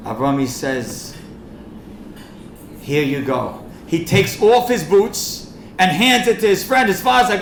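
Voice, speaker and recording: A man's voice: sits high, expressive, measured pace. Man met gepassioneerde preek in galmende zaal. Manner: impassioned, rising to urgent pleading. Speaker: rabbi speaking at a fundraiser. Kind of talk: storytelling speech and charity appeal. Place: event hall. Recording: echoey hall with faint noise.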